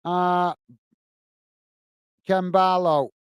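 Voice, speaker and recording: A man's voice: high-pitched, little pitch movement, extremely slow, smooth, dry recording. A man hosting a live football watch-along, chatting casually between match commentary and reading viewers' messages, with rambling self-corrections and a friendly "mate" manner.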